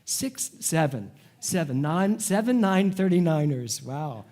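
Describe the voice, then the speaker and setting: Lively, high-voiced man preaching a sermon. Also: unhurried. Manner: animated, humorous storytelling to a live congregation. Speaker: spiritual director. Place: church service before a congregation.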